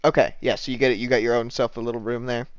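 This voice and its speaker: A man narrating as game master of a tabletop game, halting and full of fillers. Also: mid-range voice, flat delivery, clean tone, no echo, lo-fi sound.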